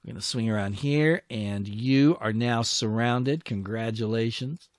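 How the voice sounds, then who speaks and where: A man's voice: medium pitch, a little slow, no room sound, clean studio sound. A man commentating his own strategy war game, talking to his units and grumbling when attacks go wrong. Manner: muttering, self-talking, grumbling at setbacks. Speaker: gameplay commentator.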